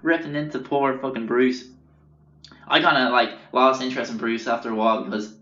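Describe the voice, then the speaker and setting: A man's voice: mid-range voice, steady tone, quick pace, pushed and bright, reverberant, dull audio. A young man telling a casual, profane anecdote, rambling and often losing track of names. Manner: rambling, swears constantly, loses track of names. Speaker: storyteller.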